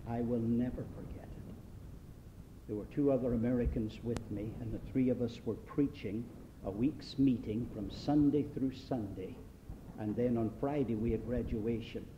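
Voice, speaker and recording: A man from Great Britain preaching a sermon, telling stories from a mission trip in a storytelling way. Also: normal speed. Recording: dull old sermon tape with faint hiss and rumble.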